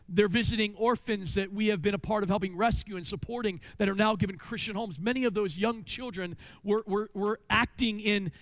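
A man's voice: high-pitched, dry recording. A middle-aged man preaching a sermon as pastor in a church, telling stories and asking rhetorical questions. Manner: animated storytelling with rhetorical questions. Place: church sanctuary.

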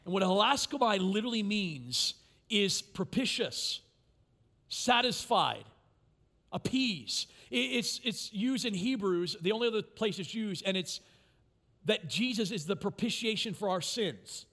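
A pastor with a notably high voice preaches to his congregation. He drops to near-whispers for intimate points, then rises loud and impassioned when voicing a plea. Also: expressive, unhurried. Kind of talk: sermon.

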